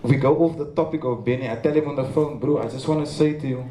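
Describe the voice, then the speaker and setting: In an echoey hall at a large memorial venue, an earnest man from Cape Town, South Africa, tells stories for a tribute speech, stammering along the way. His voice is medium-pitched and steady, his pace quick, with faint ambience and background noise around him.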